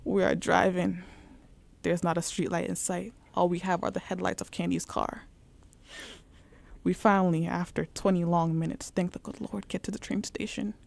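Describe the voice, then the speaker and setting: Low-voiced woman telling a comic story. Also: little pitch movement, moderate pace, creaky, dry recording. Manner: dramatic, vivid storyteller. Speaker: radio show co-host.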